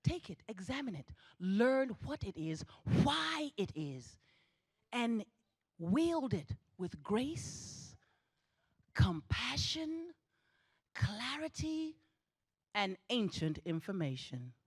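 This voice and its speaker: A woman's voice: on the high side, sing-song, drawn-out words, breathy edge. A middle-aged woman giving a spirited commencement address on a theatre stage, with an emphatic preaching cadence and repeated exhortations. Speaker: graduation ceremony speaker.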